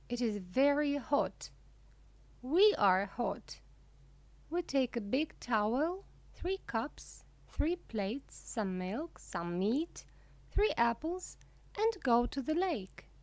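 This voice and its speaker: A woman reading a children's storybook aloud slowly and clearly for English learners. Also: no echo. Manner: clear, deliberate reading with lively pitch. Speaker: reader.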